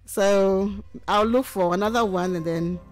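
A woman lecturer, teaching on radio and taking calls, who speaks warmly and affectionately and repeats points patiently. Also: mid-range voice, measured pace. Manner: affectionate, calls listeners sweetheart and my dear. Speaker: university lecturer. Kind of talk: radio lecture with call-ins.

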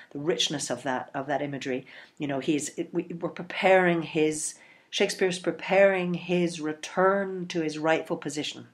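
A woman with a notably low voice delivers a literature lecture. She explains imagery and meter step by step, checking in with okays and you-knows. When she quotes verse, she reads it aloud with expression. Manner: explanatory, with frequent okay and you know. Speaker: literature educator.

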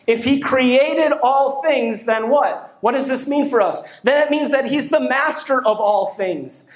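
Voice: high-pitched, roomy sound. A pastor delivering a sermon to a congregation, with emphatic rising bursts. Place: church hall.

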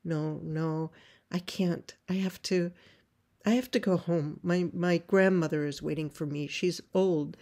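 Woman doing a frightened hurt young girl, pleading, low and gravelly, slow. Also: fairly even intonation, mellow. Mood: refusing. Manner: pleading, insistent refusals. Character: frightened wounded young girl far from home.

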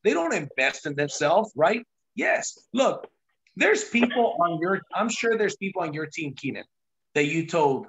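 A man's voice: high voice, big pitch swings, a little slow, gravelly, fairly bright tone. A man hosting a sales team call, telling his own story in an emphatic, pushy, repetitive way. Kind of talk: motivational sales talk on a call.

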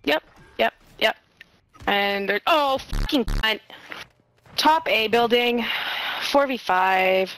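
A woman calling out in a shooter game's voice chat, excited and swearing loudly. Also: a little high, takes it slowly, long pauses, slight background noise, low-quality recording. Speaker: online game player. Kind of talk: game callouts in voice chat.

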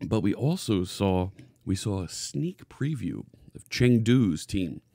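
A man hosting a live coding stream in a casual, chatty way. His voice sits low with plenty of gravelly fry, and the sound is dry and close. He keeps greeting chat viewers by name and restarts his phrases as he thinks aloud. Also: big pitch swings, slow, warm tone, dry recording. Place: home studio with green screen. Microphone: hidden desk microphone.

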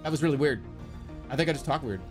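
A man chatting casually on a livestream, rambling and incredulous, quick to get worked up. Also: on the high side, music in the background. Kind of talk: casual stream chat.

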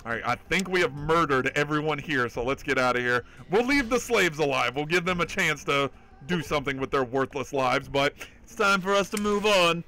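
A man's voice: a little high, normal speed, noisy background. A man streaming a game live, chatting casually, swearing often and reading out and thanking viewers from chat. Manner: excitable, swears often, reads chat aloud and thanks donors. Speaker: livestreaming gamer. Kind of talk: casual live gameplay commentary. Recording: game music in the background.

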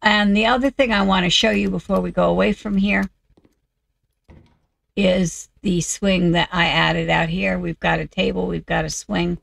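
A woman's voice: on the low side, fairly even intonation, normal speed, vocal fry, no room sound. A woman with a slightly off, coughing voice, casually talking through her game and muttering to herself as she works. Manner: muttering to herself while working. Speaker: video game creator. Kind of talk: casual gameplay commentary.

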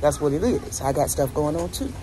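A woman's voice: low voice, animated, fairly quick, noisy background. A middle-aged woman chatting casually to her vlog camera and venting candidly about her morning. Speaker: vlogger.

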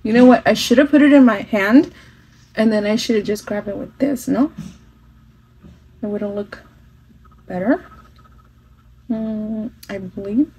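A woman's voice: mid-range voice, moderate pace, long pauses, warm tone, slight background noise, low-quality recording. A woman chatting casually through a makeup tutorial, mixing in phrases and swearing now and then, recorded on a phone at home. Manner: chatty, switching into Spanish phrases, some swearing. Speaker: makeup vlogger.

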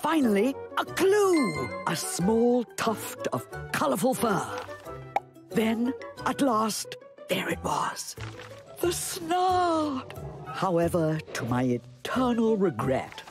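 A woman's voice: a little high, sing-song, slow, full character voice. A woman voicing an earnest explorer who narrates an expedition diary in a grand, dramatic manner. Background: music.

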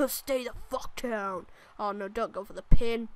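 A woman with a high voice gives let's-play commentary on a wrestling game. She is excitable, groaning and shouting at each move and swearing at her opponent. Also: measured pace. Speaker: gaming channel host.

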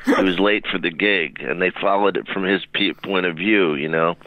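A man's voice: low-pitched, normal speed, dry recording, phone-quality sound. A man hosting a casual comedy chat, telling rambling anecdotes with lots of fillers. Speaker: host. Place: comedy club stage.

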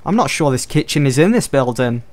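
A man's voice: medium pitch, expressive, brisk, darkish tone. A man giving casual let's-play commentary, chatting and thinking aloud as he explores. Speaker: gameplay commentator.

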